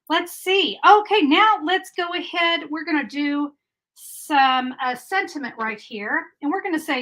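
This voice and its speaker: A woman's voice: high voice, bright, forceful tone, low-quality recording. A middle-aged woman giving a chatty, upbeat live card-making tutorial and answering viewer comments as she goes.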